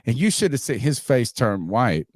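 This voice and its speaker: A man's voice: mid-range voice, normal speed, dry recording, clean studio sound. A man on a podcast telling a story casually, swearing a lot and acting out what people said. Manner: profane, animated, acts out quotes loudly. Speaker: podcast host.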